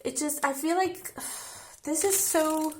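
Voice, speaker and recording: A young woman with a fairly high voice gives a casual tarot reading straight to her viewers. She talks in a chatty, emotional way and keeps checking in with them. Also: slow, slight background noise. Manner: chatty and emotional, frequent "I feel like" and "okay?". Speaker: tarot reader.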